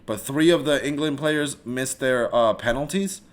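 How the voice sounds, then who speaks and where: A man rambles through a solo live-stream podcast in a loose, casual rant. His voice sits at an everyday middle pitch, and he swears freely, restarts his sentences and swerves into asides. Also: normal speed. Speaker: podcast host.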